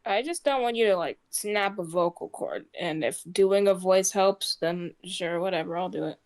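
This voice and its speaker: A woman's voice: fairly low pitch, moderate pace. A woman from the American South joining a stream, chatting casually in a playful, teasing way. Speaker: stream co-host.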